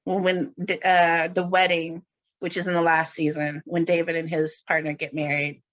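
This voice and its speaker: A woman's voice: on the low side, little pitch movement, moderate pace, a bit bright, highs cut off. A middle-aged woman hosting a podcast, chatting casually and laughing often. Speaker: podcast host. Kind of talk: casual chat.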